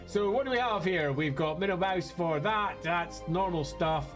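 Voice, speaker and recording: A man's voice: high voice, moderate pace. A man casually commenting on a game live stream, chatty and self-mocking. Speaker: streamer playing a video game. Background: faint game music.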